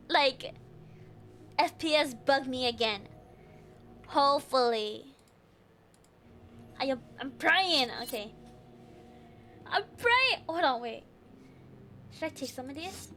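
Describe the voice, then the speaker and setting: A woman's voice: sits high, fairly bright tone, slight background noise. A young woman streaming a video game, chatting casually, rambling and giggling to herself. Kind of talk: casual gameplay commentary.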